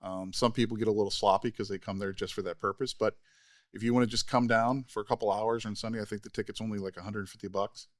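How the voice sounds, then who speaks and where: A man's voice: on the low side, fairly even intonation, quick pace, no room sound, studio quality. A man co-hosting a casual podcast, telling stories with animation and acting out the voices of the people he quotes. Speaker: podcast co-host.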